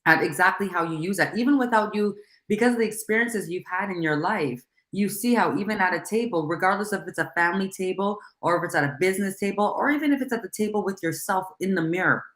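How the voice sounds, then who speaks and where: A middle-aged woman hosting a casual talk show, talking in an animated, rambling way and laughing often. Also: lowish voice, fast talker, roomy sound.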